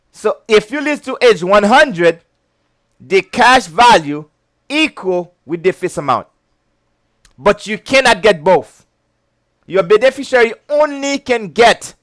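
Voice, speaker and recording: Man, very high voice, animated pitch, casual chatty lecture. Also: dry recording. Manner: chatty, keeps checking "okay?", breaks into giggles. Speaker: insurance licensing instructor.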